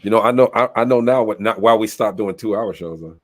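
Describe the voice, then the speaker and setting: Male telethon stream host, low-pitched, easygoing and jokey, talking over a video call. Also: quick pace. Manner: laid-back, joking, slangy. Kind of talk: casual banter on a livestream.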